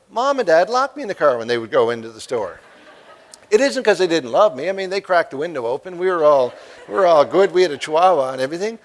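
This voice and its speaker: Middle-aged guy from the east coast doing a keynote, jokey storytelling, kinda high voice. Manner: anecdotal, humorous, acts out quoted voices. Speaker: keynote speaker. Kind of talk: storytelling speech. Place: convocation hall.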